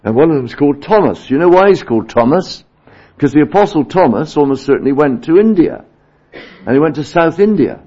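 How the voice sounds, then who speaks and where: Husky low-voiced preacher, lo-fi. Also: male voice, expressive, fairly quick. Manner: earnest, rises to emphatic peaks then drops low and quiet. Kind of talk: sermon. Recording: dull lo-fi sermon recording.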